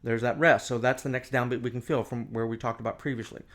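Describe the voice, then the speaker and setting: A man's voice: medium pitch, fairly even intonation, fast, a bit bright. Male music teacher, casual explaining, scats lines, camera mic. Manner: scats melodies with nonsense syllables. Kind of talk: casual instructional talk. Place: indoor room, camera on tripod.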